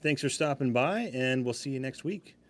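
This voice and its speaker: A man's voice: medium pitch, lively intonation, moderate pace, slight background noise. Chatty, laid-back man hosting a sale. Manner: chatty, laid-back, laughs easily, rambling asides. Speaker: live-stream sale host. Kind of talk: casual live-stream product presentation.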